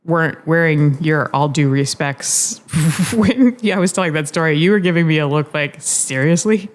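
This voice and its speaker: A woman co-hosting a comedy podcast, telling an absurd story in a deadpan way. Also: low voice, moderate pace. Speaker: podcast co-host. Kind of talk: improvised comedy chat.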